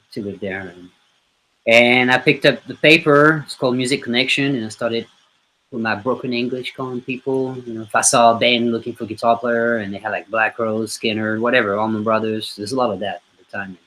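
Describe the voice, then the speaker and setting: A man in his forties from France, speaking English with an unmistakable French accent. He tells his stories in a lively way and slips into the voices of the people he quotes. His voice sits in the middle of the usual range for a man. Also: mid-range voice, a little fast, a little hiss or hum, rough recording. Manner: animated storyteller acting out quoted voices. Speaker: guest musician. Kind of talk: storytelling in a podcast interview.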